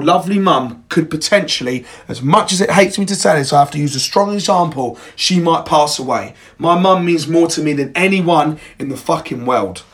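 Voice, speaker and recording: A young man hosting a podcast, giving a blunt, emphatic motivational monologue full of swearing. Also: on the high side. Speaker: podcast host.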